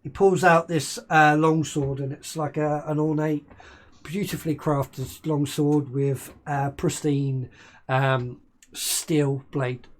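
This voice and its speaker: A man's voice: fairly high pitch, steady tone, takes it slowly. A man who runs a tabletop game as game master, narrating and voicing a merchant with hesitant, improvised phrasing. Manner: hesitant, many ums and restarts while improvising.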